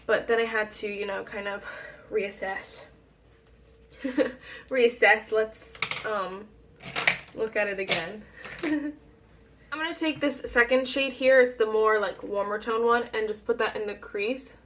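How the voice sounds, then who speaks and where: A woman's voice: fairly high pitch, measured pace, long pauses, a bit bright, a little hiss or hum. A young woman chatting casually through a makeup tutorial, rambling and self-deprecating, with frequent ums and little laughs. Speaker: beauty YouTuber.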